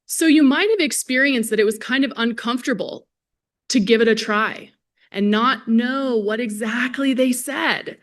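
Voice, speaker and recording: A woman's voice: a little high, moderate pace. Woman, speech therapist, conference talk, friendly and conversational, speaking to a live audience through a presenter mic. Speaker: speech-language pathologist lecturing. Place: lecture hall at a symposium.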